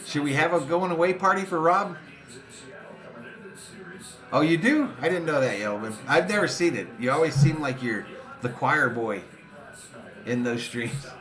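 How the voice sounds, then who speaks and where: Bright-voiced man calling a live fan watch party. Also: moderate pace, long pauses, soft background music. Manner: reads viewer comments aloud between excited pitch calls. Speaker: sports fan streamer and watch-party host. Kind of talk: live fan play-by-play with chat reading.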